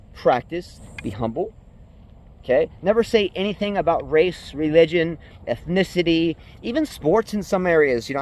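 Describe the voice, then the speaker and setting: A man's voice: fairly high pitch, a little mellow. A man talking in a rambling, earnest way while walking uphill outdoors, a bit out of breath. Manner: rambling, earnest, with fillers and restarts. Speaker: tennis vlogger. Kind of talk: casual vlog monologue. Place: outdoors on a hill.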